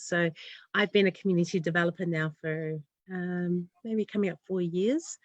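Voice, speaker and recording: In a casual interview, a woman who works as a community developer speaks in an earnest, heartfelt way, her thoughts rambling into run-ons. Her voice is fairly low with fairly even intonation and a moderate pace. The recording is dry and dull.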